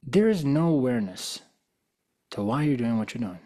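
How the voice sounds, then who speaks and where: As a guest speaker, a man gives a motivational talk full of stories, probing his audience with rhetorical questions. His mid-range voice is sing-song and dark in tone, at a moderate pace.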